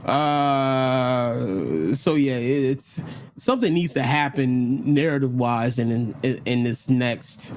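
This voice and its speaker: A man's voice: mid-range voice, slow, a little mellow, slight background noise. A man co-hosting a casual chat, talking loosely with plenty of swearing and stumbling restarts. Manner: loose, profane, repeats words when starting sentences. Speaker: co-host.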